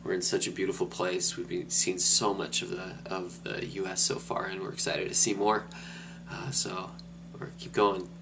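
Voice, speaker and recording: A man's voice: sits low, normal speed, gravelly, background noise. A man casually recapping a long motorcycle trip, rambling and restarting his sentences as he tells it. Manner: rambling, restarts often, relaxed storytelling. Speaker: motorcycle rider on a cross-country trip.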